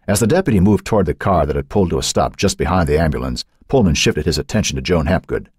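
A man narrating a thriller audiobook in an expressive, suspenseful reading. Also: sits low, fast, few pauses, slightly rough, dry recording, clean studio sound.

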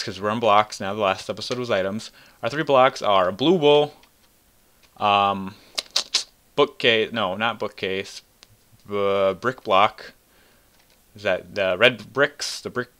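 A man's voice: lowish voice, sharp tone, slight background noise. A young man giving casual gameplay commentary as host, rambling and correcting himself with little chuckles. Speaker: gaming channel host.

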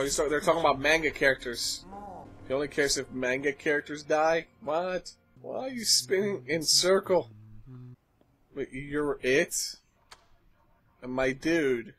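A man's voice: on the high side, a bit bright. A man hosting an anime reaction, talking casually with frequent gasps, exclamations and slangy asides.

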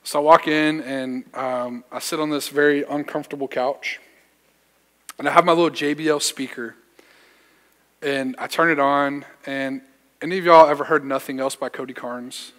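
A man's voice: mid-range voice, steady tone, moderate pace, a bit bright. A young man, a youth pastor preaching a sermon, telling a personal story in a casual, slangy way with self-deprecating humor. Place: church sanctuary. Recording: church hall reverb.

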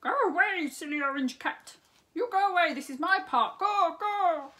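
A woman voicing a bossy male peacock who squawks and shouts to chase a cat out of his park. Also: extremely high pitch, animated, normal speed, voice pushed up, exaggerated voice. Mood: bossy, shouting.

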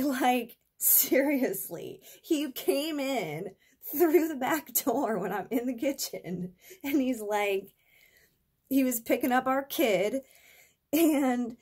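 A woman's voice: high voice, slightly rough. A young adult woman vlogger telling a rambling, profane, exasperated story in a casual storytime vlog.

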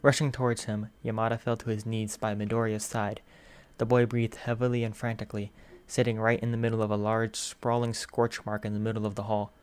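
A man narrating a fan fiction audiobook in a steady, even storytelling manner. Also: lowish voice, fairly quick, smooth, no echo.

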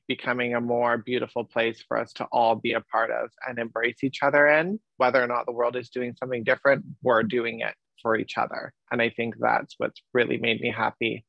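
A man's voice: mid-range voice, creaky, no room sound. A man on a panel, speaking earnestly and gratefully, heard on dull lo-fi call audio. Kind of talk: personal sharing on a panel.

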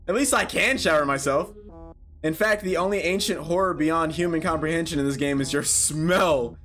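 Young male gaming host, slightly high voice, jokey and profane horror playthrough commentary, faint music behind. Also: brisk, a bit bright. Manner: jokey, profane, reads game text aloud. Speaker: gaming YouTuber.

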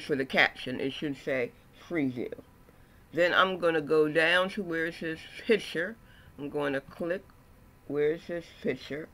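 Slow, patient man walking through a software tutorial. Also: fairly high pitch. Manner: slow step-by-step walkthrough with frequent okays and ums. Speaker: software instructor. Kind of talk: screen-recorded software tutorial.

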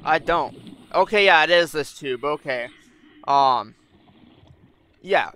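A man's voice: fairly high pitch, slow pace, sharp tone, a little hiss or hum. A young man giving casual gameplay commentary, thinking aloud, getting frustrated and swearing often. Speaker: gaming YouTuber.

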